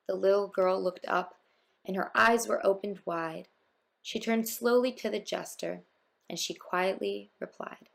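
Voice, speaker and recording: Storyteller: woman, mid-pitched, gravelly tone, rhythmic rhyming narration. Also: fairly even intonation, measured pace. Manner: lilting, rhythmic reading.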